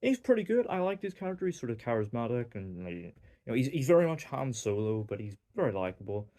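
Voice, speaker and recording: A young man from Northern Ireland with a Northern Irish accent talks casually through a movie review. His voice is mellow and warm, at a middling pitch. He rambles with frequent fillers and dry, wry asides. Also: sing-song, fast. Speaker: film reviewer.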